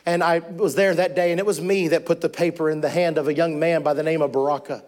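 A man's voice: on the high side, fairly even intonation, fast talker, a little mellow. A man preaching a sermon as a missionary, telling a story with mounting fervor. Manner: impassioned storytelling, rising to fervent preaching.

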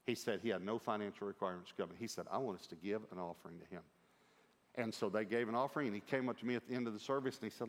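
A middle-aged man preaching a sermon, telling a lively story with quoted dialogue and humor. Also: lowish voice, rapid-fire. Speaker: pastor. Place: large church auditorium. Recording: long hall reverb.

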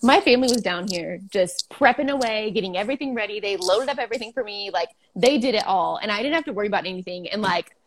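A woman's voice: medium pitch, lively intonation, quick pace, few pauses. Young woman business owner, casual and giggly, interview guest. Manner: chatty, laughing, many "like" fillers. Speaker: food truck owner.

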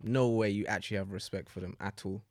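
A man's voice: on the low side, steady tone, quick pace, darkish tone, no room sound, clean studio sound. A young man, speaking bluntly and assertively in casual podcast chat.

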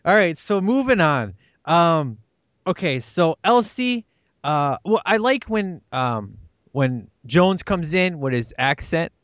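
A man co-hosting a casual movie podcast, animated and laughing often as he acts out quotes. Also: fairly high pitch, takes it slowly, dry recording. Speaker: podcast co-host. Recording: dry, dull lo-fi sound.

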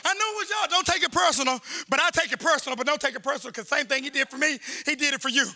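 A male pastor preaching a fervent sermon, often shouting. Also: very high-pitched, rapid-fire, no echo, clean studio sound. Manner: fervent, shouting preacher with call-and-response lines.

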